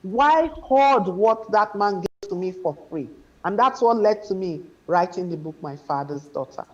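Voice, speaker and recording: A woman's voice: medium pitch, expressive, a little slow. A woman from Nigeria, an author guest, telling a story from her childhood in an interview. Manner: reflective, quotes her father warmly in a raised voice. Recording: dull lo-fi sound.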